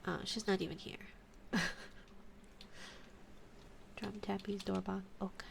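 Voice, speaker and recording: A woman streamer talks casually with her audience, muttering and grumbling as she fixes her stream settings. Her mid-range voice is creaky and flat, and she speaks slowly. Keyboard clicks come through over loud background noise in this casual live-stream chat.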